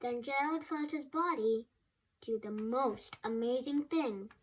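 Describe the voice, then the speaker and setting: A woman storyteller reading a rhyming picture book aloud, lively and casual, adding her own remarks between verses. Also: fairly high pitch, unhurried.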